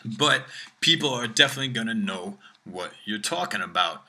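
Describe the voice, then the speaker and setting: Man, language teacher, bright ringing voice, slows to demonstrate words, keeps asking "all right?". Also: fairly low pitch, expressive, husky. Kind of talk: language lesson monologue.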